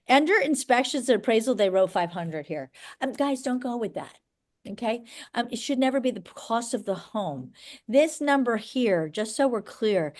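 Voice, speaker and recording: A middle-aged woman leads a live training class for agents. Her voice sits a little high. She talks bluntly and briskly, stopping often to check that the room follows her. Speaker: real estate broker teaching agents.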